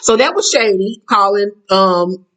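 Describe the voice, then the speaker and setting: A woman recapping a reality show in blunt, profane, catty casual talk, jumping up in pitch as she acts out quotes. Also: expressive, measured pace, fairly bright tone, rough recording.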